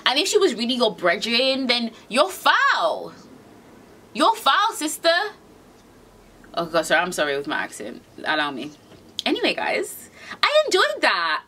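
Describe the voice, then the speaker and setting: A young woman vlogger talks straight to camera in a sassy, slang-heavy rant. Her voice is bright and swings widely up and down as she gets worked up. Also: a little high, wildly swooping pitch, moderate pace, breathy edge.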